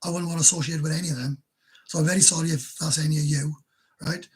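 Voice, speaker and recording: Husky Welsh man chatting on a live stream. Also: fairly high pitch, fairly even intonation, fast talker, rough recording. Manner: blunt, rambling, self-mocking. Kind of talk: casual chat reading out viewer comments.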